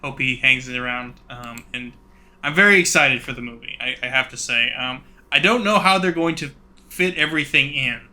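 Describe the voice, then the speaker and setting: A man co-hosting a podcast, talking casually about a book in a measured, hedging way. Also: medium pitch, pushed and bright. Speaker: podcast co-host.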